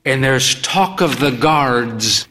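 A man's voice: lively intonation, sharp tone. A man voicing a proud, frail old woman with an airy, long-suffering, theatrical manner. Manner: airy, long-suffering, drawn-out high tones.

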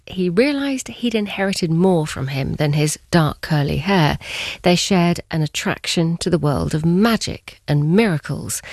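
A woman presenting a radio programme, reading a scripted narration with clear storytelling delivery. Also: on the low side, a little mellow, no echo, clean studio sound.

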